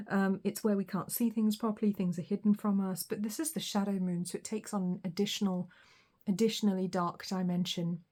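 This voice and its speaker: A woman giving a collective tarot reading, talking in a reflective, unhurried way with frequent ums and pauses. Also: mid-range voice, dark tone. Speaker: tarot reader.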